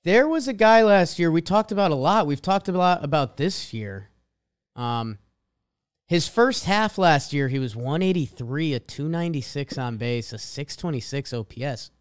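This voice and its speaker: Lively Boston-accented man reading stats. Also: on the high side, normal speed, smooth. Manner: reads stat lines with emphatic swings. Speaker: podcast co-host. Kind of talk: casual sports chat.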